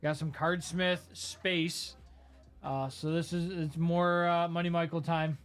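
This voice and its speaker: A man's voice: a little high, little pitch movement, measured pace, smooth. A man hosting a live card-break stream, rambling through a list of items with lots of fillers. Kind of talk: casual live-stream commentary.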